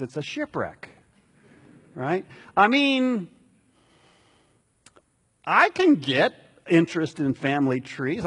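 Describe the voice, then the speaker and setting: A man delivering a conversational sermon as a pastor, relaxed and chatty with asides to the congregation. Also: fairly high pitch, slightly rough.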